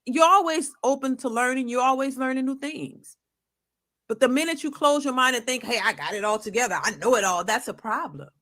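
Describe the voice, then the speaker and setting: A woman's voice: high-pitched, animated, a little fast, a bit bright. Earnest middle-aged woman giving relationship advice. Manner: earnest, preachy, repeats herself. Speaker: panel guest on a relationship talk show. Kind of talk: casual opinion talk.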